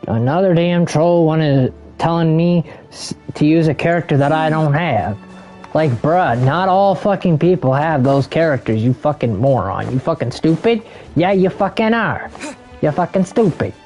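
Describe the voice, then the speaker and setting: A man streaming a game rants angrily at other players, using heavy profanity. His voice is on the high side and a little mellow, with lively intonation and normal speed, and soft music plays in the background.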